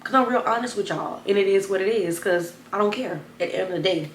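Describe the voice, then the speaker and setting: Young woman spilling a storytime to the camera, chatty and animated, echoey room, light background hum. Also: quick pace. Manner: animated, addresses viewers as y'all, bursts of high excited retelling. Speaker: storytime vlogger.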